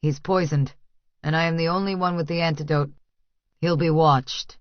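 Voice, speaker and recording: A woman voicing a calculating male cartel boss who states threats flatly and matter-of-factly. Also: on the high side, normal speed, no echo, highs cut off, close to an everyday voice. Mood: coolly threatening.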